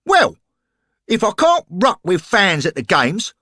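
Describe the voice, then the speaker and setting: A man putting on a loud brash football hooligan. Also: high-pitched, huge pitch swings, slow, dry recording, studio quality, pitched above the performer's own voice, heavily acted. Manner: loud, boastful, cocky. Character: brash rowdy young male football hooligan ghost.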